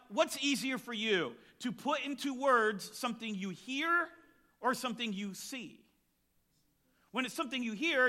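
Preacher guy, high bright voice, jokey storytelling sermon. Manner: storytelling, tells jokes from the pulpit, expressive. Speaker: pastor. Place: church stage.

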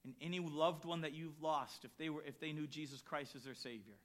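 A man who is a pastor preaches a sermon and tells a personal story, acting out the voices he quotes. He swings between loud bursts and hushed lines, speaking fairly quickly at a fairly high pitch.

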